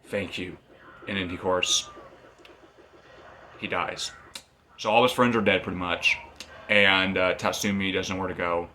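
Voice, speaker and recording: Rambling man recapping with a bright voice. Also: sits low, steady tone, unhurried, pauses often, slight background noise. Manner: rambling, repeats and restarts phrases. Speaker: manga reviewer. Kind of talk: casual spoken recap.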